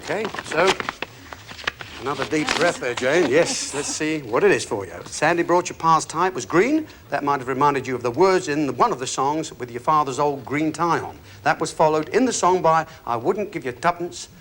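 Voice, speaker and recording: A man's voice: fairly high pitch, animated, moderate pace, a bit bright. A man hosting a game show, chatting with contestants and reading out riddle clues. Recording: TV studio with audience.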